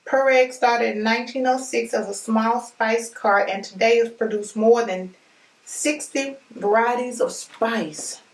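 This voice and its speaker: A woman vlogger, chatting excitedly with viewers as she unboxes a package. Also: a little high, a little slow, vocal fry. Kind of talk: excited casual unboxing chat. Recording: echoey room, voice a bit far from mic.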